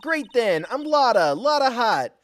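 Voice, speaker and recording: A man voicing a loud, brash young woman photographer with a put-on Southern drawl. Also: very high-pitched, sing-song, unhurried, dry recording, soft background music, voice pushed up, heavily acted.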